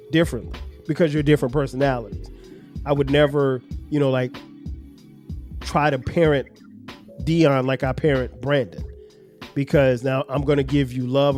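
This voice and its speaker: A man's voice: mid-range voice, darkish tone. A middle-aged man hosting a podcast, talking earnestly as a father about raising his children, with frequent restarts. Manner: earnest, storytelling with acted examples, many restarts. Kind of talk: reflective family conversation.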